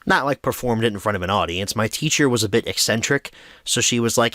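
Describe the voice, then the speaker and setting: A man's voice: fairly low pitch, normal speed, a bit bright, no room sound, clean studio sound. A young man hosting a film review show, telling stories in a chatty, self-deprecating way. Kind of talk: casual film review monologue.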